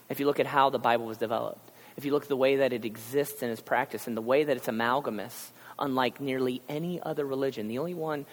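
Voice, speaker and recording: A male pastor preaching a conversational sermon, acting out characters in quick asides. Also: mid-range voice. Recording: long hall reverb.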